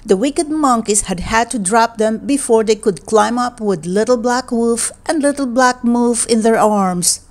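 A woman reading a children's picture book aloud in a gentle, expressive, deliberate way. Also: a little high. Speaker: read-aloud narrator.

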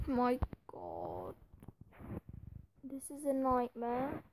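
This gaming video creator speaks with a fairly high, wildly swooping pitch, extremely slowly and with long pauses, over a noisy background. She gives running commentary on a football management game, often exasperated and muttering to herself.

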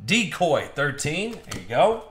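A man hosts a trading card box break on a livestream, opening packs and joking with viewers in a chatty, upbeat way. He speaks unhurriedly in a high-leaning voice with big pitch swings, and his streaming mic picks up reverb and background noise.

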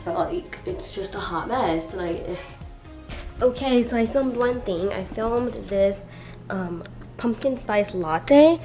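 A woman's voice: mid-range voice, expressive, slow, mellow, faint music behind. Rambling teenage girl vlogging. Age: teens. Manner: chatty, rambling, lots of "like" and "um". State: crying. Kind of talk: casual vlog chat. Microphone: handheld compact camera.

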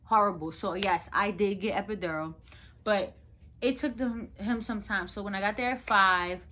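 A woman's voice: medium pitch, normal speed, pushed and bright. A young woman telling a personal story to her viewers in a chatty, rambling way. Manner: chatty, rambling, lots of "like" fillers. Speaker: vlogger. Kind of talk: casual storytelling to camera.

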